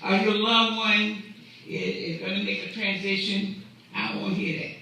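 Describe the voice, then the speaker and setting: A man's voice: sits high, fairly even intonation, moderate pace, sharp tone, heavy reverb, recorded from a distance, slight background noise, low-quality recording. A man preaching a sermon in a conversational way, often repeating and restarting his words, recorded in a church. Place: church sanctuary.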